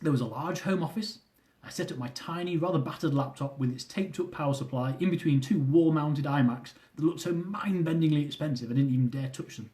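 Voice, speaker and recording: A man reading his own comic travel memoir aloud, with animated delivery. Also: fairly high pitch, fairly quick. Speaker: author.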